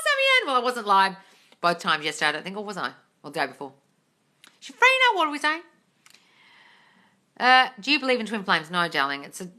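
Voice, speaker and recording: A woman with a low-pitched, sharp-toned voice hosts a live stream, casually reading out comments from viewers. Her answers are blunt, full of swearing, and she calls people darling.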